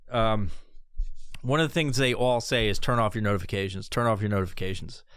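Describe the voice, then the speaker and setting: A young adult man hosting a podcast, ranting casually and profanely, often jumping into squeaky high voices for bits. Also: a bit bright, clean tone, no echo, clean studio sound. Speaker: podcast host. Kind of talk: casual comedic podcast rant.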